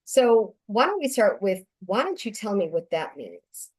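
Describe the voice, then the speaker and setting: A woman's voice: medium pitch, big pitch swings, a little slow, a little mellow. A woman hosting an interview, upbeat and enthusiastic as she introduces her guest. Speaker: interview host. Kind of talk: casual interview talk.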